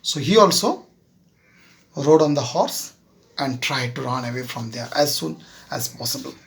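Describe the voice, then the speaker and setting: A man with an Indian English accent, a teacher slowly retelling a moral story to his students and often checking with them. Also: medium pitch, animated. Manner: keeps checking with "Clear?"; slow, halting retelling with fillers. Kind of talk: classroom storytelling lesson.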